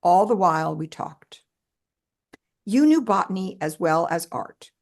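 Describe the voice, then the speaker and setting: A woman author reading her own personal essay aloud in a measured, expressive way with shifting emphasis. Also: lowish voice, gravelly.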